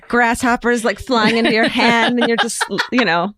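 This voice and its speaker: A woman's voice: on the high side, flat delivery, normal speed, a bit bright, dry recording. A woman co-hosting a podcast from home over a video call, chatting casually with dry, wisecracking jokes and offhand swearing. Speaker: podcast co-host. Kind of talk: casual chat.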